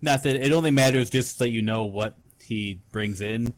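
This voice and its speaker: A man's voice: mid-range voice, normal speed, no echo. A young man co-hosting a podcast, telling a rambling story full of swearing in casual chat. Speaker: podcast co-host.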